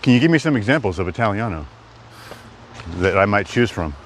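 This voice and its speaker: A man's voice: fairly low pitch, big pitch swings, a little fast, slight background noise. A man live-streaming as he walks through the woods, chatting loosely to his viewers while on the move. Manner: rambling, chatty, talks to chat. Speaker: livestreamer. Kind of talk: live-stream walking vlog. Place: outdoors in woods.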